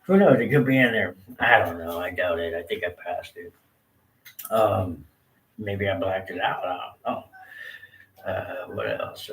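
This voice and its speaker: A man's voice: fairly low pitch, fairly bright tone, recorded from a distance, a little hiss or hum. Laid-back, slangy man recorded off-mic. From Southern California. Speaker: storyteller sharing his life. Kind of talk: casual personal storytelling. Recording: roomy off-mic sound with faint ambience.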